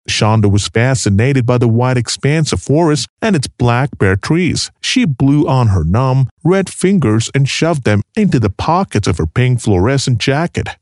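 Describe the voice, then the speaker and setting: A man narrates a grim true story, reading with drama and expression. His mid-pitched voice rises and falls a great deal, and his delivery sounds animated. The sound is dry and close to the mic, with no room echo.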